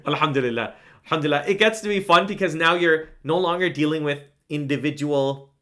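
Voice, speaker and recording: Bright-voiced man teaching recitation casually. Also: a little high, steady tone, moderate pace. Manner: casual and enthusiastic, frequent "right?"; breaks into melodic chanting to demonstrate. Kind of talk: online lesson, explaining and demonstrating recitation.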